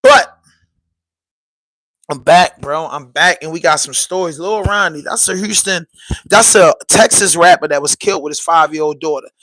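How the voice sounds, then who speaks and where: Bright, high-voiced man hosting a home vlog. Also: no room sound, rough recording. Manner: rambling, talks straight to viewers. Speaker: podcast vlog host. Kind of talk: casual vlog chat. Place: his home. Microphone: portable camera.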